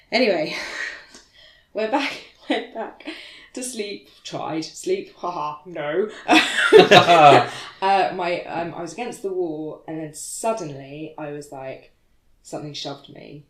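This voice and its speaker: A woman co-hosting a podcast, telling a story in casual chat, animated and laughing as she acts out what was said. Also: lowish voice, measured pace. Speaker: podcast co-host. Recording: echoey room.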